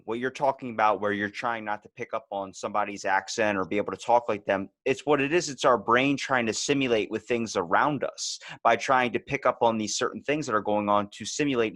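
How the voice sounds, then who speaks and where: Man, podcast host, rambling chat, jokes, mid pitch, dry room. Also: fairly quick, a bit bright, no echo. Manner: rambling, talkative, jokes freely.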